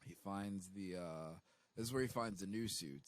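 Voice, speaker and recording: A man co-hosting a podcast, casually retelling a show's plot, laughing and doing squeaky voices for quotes. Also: normal speed, low-quality recording. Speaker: podcast co-host. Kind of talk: casual movie recap chat.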